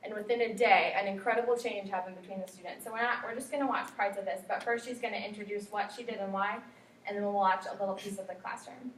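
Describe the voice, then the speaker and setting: A woman's voice: medium pitch, fairly even intonation, quick pace. A young woman giving a chatty classroom presentation, with lots of fillers and quotes she acts out. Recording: echoey room from far off, faint hiss.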